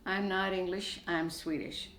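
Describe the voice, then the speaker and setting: Blunt, impatient stranded woman, read by the author, lowish voice, echoey room. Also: fairly even intonation, measured pace, a bit bright, distant mic, slight background noise. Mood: direct. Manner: direct, a bit impatient.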